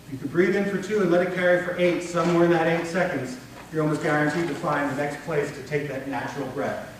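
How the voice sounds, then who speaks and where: The clip catches a workshop presenter from afar in a very echoey conference room, where he gives a breakout talk to an audience. His voice is a little high and fast, set against a noisy background, and he speaks in a lively, conversational style while acting out tones vocally.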